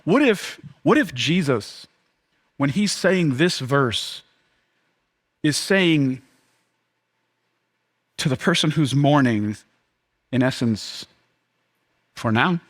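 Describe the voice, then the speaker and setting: High-voiced pastor preaching casually. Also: male voice. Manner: casual, conversational preaching with many fillers; shifts between lively emphasis and hushed, slow delivery. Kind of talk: sermon.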